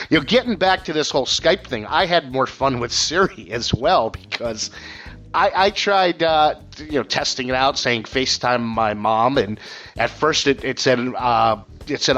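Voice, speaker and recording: A comedian co-hosting a podcast tells stories on himself in a joking, self-deprecating way. His voice is bright and forceful. The recording is dull and lo-fi, with faint music underneath. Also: medium pitch. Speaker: co-host, comedian. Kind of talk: casual podcast chat.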